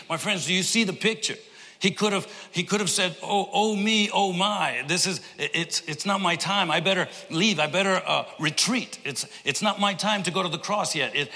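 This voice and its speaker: A man's voice: high voice, sharp tone. Impassioned preacher man in a reverberant hall. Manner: impassioned preaching with repetitions and restarts. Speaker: pastor. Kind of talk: sermon.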